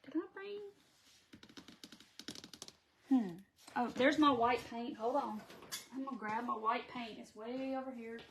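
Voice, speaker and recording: A woman's voice: on the high side, a little slow, pauses often, slight background noise. Chatty Southern woman hosting a craft stream. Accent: Southern American. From Southern United States. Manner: chatty, reads viewer comments aloud. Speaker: craft tutorial host. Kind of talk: casual live-stream crafting chat.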